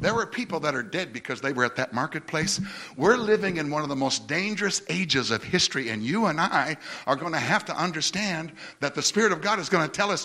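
A male preacher with a slightly high voice delivers an animated sermon full of stories, often restarting sentences and repeating words.

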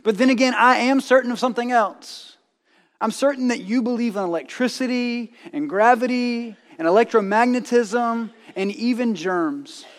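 Man preaching in an echoing church. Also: high-pitched. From North Carolina, USA. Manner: storytelling with dramatic drops to a hushed voice. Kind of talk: sermon with scripture reading and personal story.

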